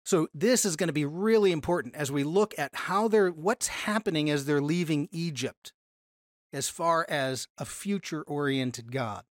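A Bible study teacher lecturing a class, pitched in the middle of the range. The delivery is explanatory, full of restarts and self-corrections, with key words pushed up in pitch for emphasis. The sound is dry and close. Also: moderate pace, dry recording.

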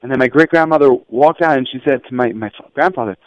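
A man teaching schoolchildren through stories, lively and acting out the voices of people in them. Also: fast talker, few pauses, dry recording. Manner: animated, acts out quoted voices with raised pitch. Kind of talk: storytelling lesson. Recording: dull lo-fi, dry.

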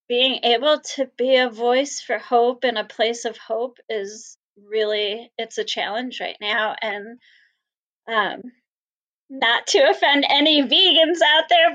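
A woman from the Salvation Army answering interview questions sincerely, with frequent pauses and ums. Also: on the high side, fairly bright tone, highs cut off.

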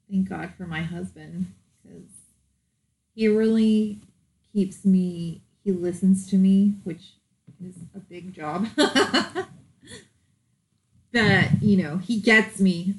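A woman's voice: medium pitch, darkish tone, rough recording. A woman co-hosting a podcast in casual chat, frank and talkative, swearing and laughing easily. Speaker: podcast co-host.

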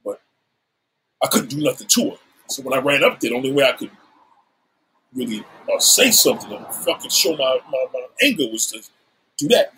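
A man's voice: mid-range voice, animated, fairly quick, long pauses, pushed and bright, slight background noise, rough recording. A middle-aged man candidly telling a story from his past, swearing freely and acting out the lines he quotes. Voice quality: husky.

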